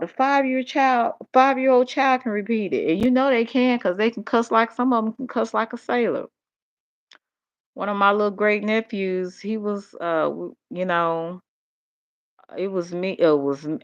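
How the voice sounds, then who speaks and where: An older woman, talking in a rambling, animated monologue. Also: lowish voice. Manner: rambling, animated storytelling with vernacular speech. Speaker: vlogger. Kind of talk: casual monologue. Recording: dull lo-fi audio.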